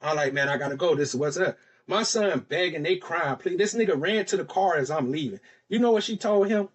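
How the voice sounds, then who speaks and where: Husky dude telling a long story on a podcast, does everybody's voices. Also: male voice, fairly high pitch, brisk. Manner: animated, acts out quoted voices. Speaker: podcast host. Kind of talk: casual storytelling.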